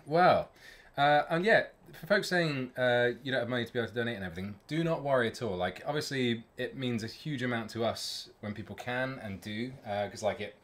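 A man's voice: mid-range voice, a little fast, fairly bright tone. A man with a British accent, a band member chatting casually and thanking viewers on a live stream. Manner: chatty, thankful, laughs often. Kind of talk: casual chat.

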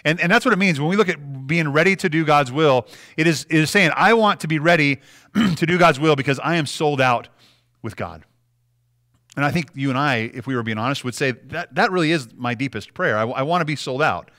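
Man in his 30s preaching in church, kinda high bright voice, chatty, keeps restarting and going "right?". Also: a little fast. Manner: conversational, with frequent restarts and "right?" asides. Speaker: pastor. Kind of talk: sermon. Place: church sanctuary.

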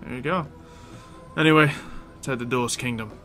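Brief: man leading a casual game roleplay, mid-pitched, faint music behind. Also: a little fast, sharp tone. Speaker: roleplay lead. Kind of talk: Minecraft roleplay.

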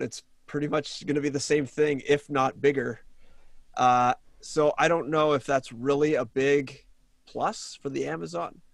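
A man's voice: on the high side, vocal fry, no echo. A man co-hosting a podcast, musing and hesitant as he chats. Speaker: podcast co-host. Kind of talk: casual chat.

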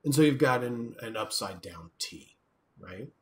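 A man's voice: medium pitch, lively intonation, measured pace. A man giving a recorded university lecture in a conversational way, often asking "right?" and acting out quoted voices. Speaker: professor.

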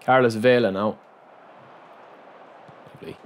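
A man's voice: on the low side, steady tone, a little slow. Frustrated man narrating his gameplay. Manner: frustrated, muttering self-talk that bursts into loud outcries at the game. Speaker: gaming channel host. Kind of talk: live commentary over his own football video game.

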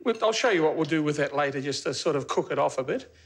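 A man's voice: fairly high pitch, animated, fast, slight background noise. Chatty TV cooking host, man. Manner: chatty, jokey, talks to the crew while cooking. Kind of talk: casual cooking demonstration. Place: television studio kitchen.

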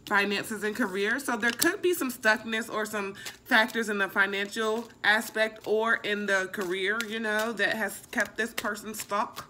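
A woman's voice: mid-range voice, steady tone, measured pace, few pauses, noisy background. A young woman giving a casual tarot reading, emphatic and swearing freely, often repeating herself. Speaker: tarot reader.

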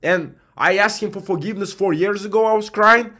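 Earnest high-voiced man rambling about faith. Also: fairly quick, pushed and bright. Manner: earnest, rambling preaching with many restarts. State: tearful at times. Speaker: host. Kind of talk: casual monologue.

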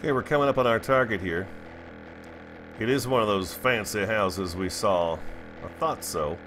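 Deep-voiced man chatting through gameplay. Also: normal speed, a bit bright, a little hiss or hum. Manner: chatty, talks to viewers while playing. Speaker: gaming video host. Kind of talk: let's play commentary.

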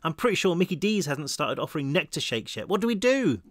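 A man's voice: fairly high pitch, animated, quick pace, a bit bright, dry recording, studio quality. A man voicing an anxious, wisecracking teenage boy who sounds jokey but desperate.

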